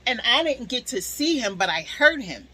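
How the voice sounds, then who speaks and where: Bright, animated New woman storyteller. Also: on the high side, moderate pace, breathy edge, poor audio. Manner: animated, swears freely, talks straight to viewers. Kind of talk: casual storytime vlog.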